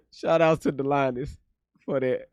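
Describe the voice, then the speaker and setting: Man, gravelly voice, a bit high, blunt profane ranting, dry close sound. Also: big pitch swings, slow, darkish tone, no room sound, highs cut off. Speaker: reaction video host. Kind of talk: casual commentary.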